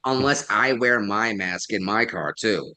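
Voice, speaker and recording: A man with a fairly low voice co-hosts a casual political talk show. He talks sarcastically and mocks the people he is talking about. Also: animated, unhurried, sharp tone. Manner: sarcastic, mocking, mimics others' voices. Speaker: podcast co-host.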